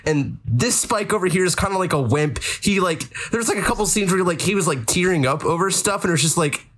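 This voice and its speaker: A woman's voice: fairly low pitch, expressive, brisk. Casual woman co-host, rambling, profane, filler-heavy rant. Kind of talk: casual chat.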